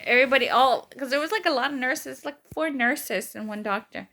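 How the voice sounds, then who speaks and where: A young woman telling a story to her camera, her voice high and bright. She talks casually with lots of fillers and slips into lively quoted voices for the people in her story. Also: a little fast. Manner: animated retelling, acts out quoted voices, many fillers. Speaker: vlogger.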